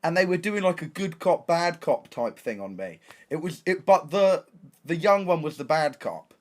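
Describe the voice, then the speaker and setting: A young man with an English accent tells a story on his stream, excitable and full of slang. He keeps restarting his sentences as he goes. His voice sits a little high and moves a lot. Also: normal speed. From England. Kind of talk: casual storytelling.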